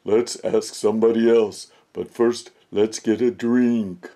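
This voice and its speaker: A man voicing a patient, matter-of-fact female cow in a read-aloud storybook, speaking plainly and slowly. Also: on the low side, steady tone, mellow.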